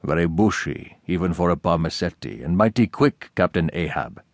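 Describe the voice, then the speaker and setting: A man voicing a male harpooner with a low, measured voice in an audiobook. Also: lively intonation, no room sound, clean studio sound. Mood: curious.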